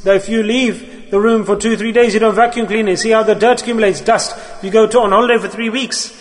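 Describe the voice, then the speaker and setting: High-voiced male preacher in a reverberant mosque. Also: a bit bright. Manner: earnest, exhorting, mixes in Arabic and Urdu religious terms. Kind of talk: sermon.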